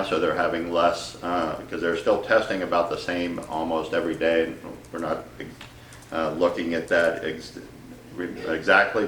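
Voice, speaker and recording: A man with a very low, flat voice reads out figures slowly and haltingly, filling gaps with ums. He sounds set back from the mic in an echoey room with faint hiss. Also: far from the mic. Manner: halting, unhurried, reads numbers with many fillers. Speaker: official giving hospital figures. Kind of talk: press briefing update.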